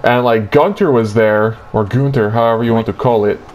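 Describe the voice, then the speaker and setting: A man's voice: medium pitch, a little fast, a crowd in the background. A young man hosting a casual chat, rambling crudely through a dream story with lots of filler. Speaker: host retelling his dream.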